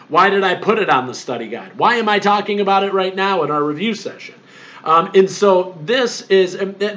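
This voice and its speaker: A man's voice: high-pitched, a bit bright, dull audio. A male history instructor giving a recorded exam review, explaining plainly and emphatically with many fillers.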